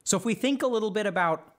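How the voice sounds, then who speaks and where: A man with a high-pitched voice talks through social advice in a loose, conversational way. He acts out the worried thoughts of imagined people and keeps checking in with his listeners. He sounds like a podcast host chatting with a live audience. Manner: conversational, acts out imagined inner voices, often asks "right?". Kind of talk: casual advice talk to a live chat.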